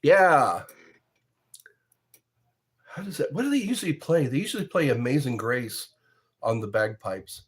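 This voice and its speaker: A man's voice: mid-range voice, animated, measured pace, pauses often, slightly rough. A man hosting a livestream, chatting casually and drifting from topic to topic with chuckles. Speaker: livestream host. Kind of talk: rambling casual livestream chat.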